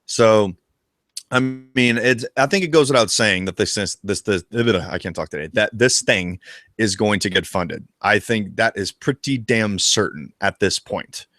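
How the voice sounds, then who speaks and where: Excitable, foul-mouthed male gaming host. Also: fairly low pitch, a little slow, no room sound, clean studio sound. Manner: excitable, profane, animated. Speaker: co-host of a retro gaming show. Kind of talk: casual live discussion.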